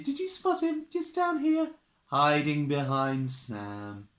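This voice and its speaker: A woman reads a children's storybook aloud in a church, leisurely and unhurried. Her voice is lively and sing-song, it swoops up and down as she quizzes little listeners, and it carries a roomy echo from the church. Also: low voice. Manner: animated, sing-song, asks the listeners questions; makes animal noises and gasps. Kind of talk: reading a picture book to young children.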